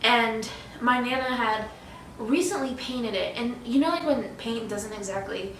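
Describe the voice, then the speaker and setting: A woman's voice: on the high side, unhurried, a bit bright, roomy sound, recorded from a distance, a little hiss or hum, poor audio. A young woman, co-host of a casual chat, recalling childhood memories in a loose, filler-heavy way. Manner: chatty, filler-heavy, laughs often.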